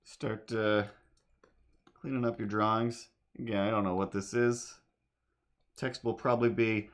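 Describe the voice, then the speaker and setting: A man's voice: fairly low pitch, moderate pace, fairly bright tone. A man chatting casually on a home stream while he draws, rambling from one thing to the next, breaking into sung bits and talking to his cat. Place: home apartment.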